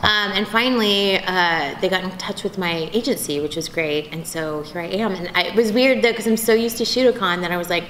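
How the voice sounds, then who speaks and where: Bubbly woman in an echoey convention room. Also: mid-range voice. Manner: bubbly, animated storytelling, quick vocal impressions. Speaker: voice actress interviewee. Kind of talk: convention interview chat. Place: convention venue. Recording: echoey convention room, faint background noise.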